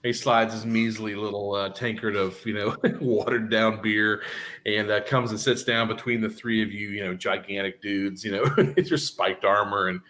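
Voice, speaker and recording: A man's voice: lowish voice, little pitch movement, moderate pace, pushed and bright. A man narrating as game master in a rambling, casual way. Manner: rambling, full of fillers and laughs.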